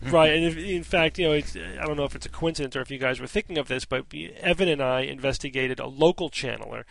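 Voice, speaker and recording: A man's voice: medium pitch, fast talker, gravelly, fairly bright tone. A male podcast host in casual panel chat, wry and skeptical, laughing often.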